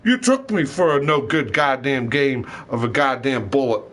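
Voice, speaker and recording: A man's voice: mid-range voice, expressive, moderate pace, fairly bright tone. A man delivering a rambling, angry monologue, swearing heavily and hurling accusations. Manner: heated, profane, accusatory ranting.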